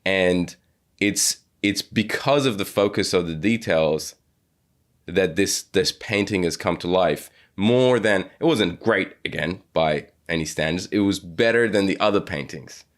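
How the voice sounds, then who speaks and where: A deep-voiced man hosts a casual podcast interview. He stumbles and restarts often, repeating words as he works toward his point. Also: unhurried. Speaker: podcast host.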